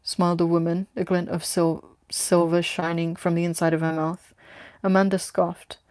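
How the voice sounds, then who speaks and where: A woman reading her own story aloud with steady, plain narration. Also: fairly low pitch, normal speed, no echo, studio quality.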